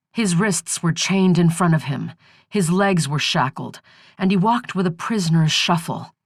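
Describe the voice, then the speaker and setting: A woman reading a thriller audiobook aloud in a steady, even storytelling manner. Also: low voice, no room sound, clean studio sound. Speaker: audiobook narrator. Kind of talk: scripted narration.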